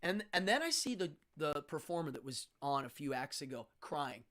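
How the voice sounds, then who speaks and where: Blunt, middle-aged man, stage magician, hosting a talk show, casual storytelling, lively swinging pitch. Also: normal speed. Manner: blunt, animated, frank.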